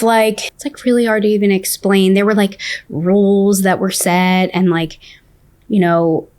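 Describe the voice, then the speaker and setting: Candid woman telling her story. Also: mid-range voice. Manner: candid, says "like" often. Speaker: podcast guest. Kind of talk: casual personal storytelling.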